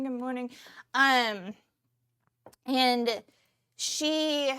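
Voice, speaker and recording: A woman hosting a casual cooking livestream from her kitchen, chatting in an animated, talkative way with sudden excited outbursts. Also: fairly high pitch, normal speed. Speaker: cooking stream host.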